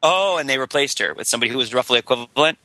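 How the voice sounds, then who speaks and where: A man's voice: medium pitch, animated, racing, sharp tone, a little hiss or hum, rough recording. A man on a podcast panel talking casually and enthusiastically, laughing often.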